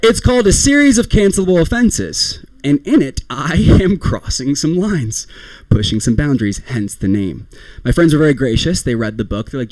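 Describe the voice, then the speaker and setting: A man's voice: on the high side, very animated, moderate pace, darkish tone, no echo. A young man performing a rambling, self-deprecating stand-up comedy set, often laughing at his own jokes.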